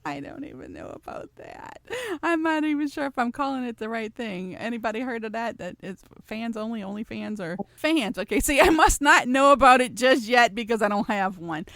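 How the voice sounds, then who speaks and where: A woman's voice: fairly high pitch, lively intonation, a little fast, few pauses, fairly bright tone, dry recording. A woman hosting her own show, reading out listener questions and answering them in a chatty, teasing way, laughing often and rambling with restarts. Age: adult, past college. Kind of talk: casual solo chat show.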